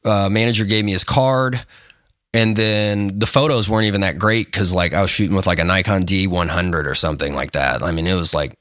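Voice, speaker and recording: Rambling, low-voiced man telling a story. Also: brisk, no echo, clean studio sound. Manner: rambling, lots of fillers and restarts, animated retelling. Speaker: guest photographer. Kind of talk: casual interview storytelling.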